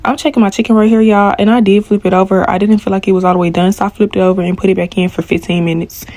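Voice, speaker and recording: A young woman telling a story to viewers while she cooks, animated and full of slang. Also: medium pitch, very fast, no room sound. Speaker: cooking vlogger.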